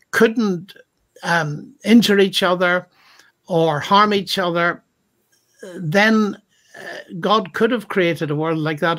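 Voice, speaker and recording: A man's voice: high voice, a bit bright. A man speaking as a Christian apologist in a thoughtful discussion, reflective and retelling stories with acted-out quotes.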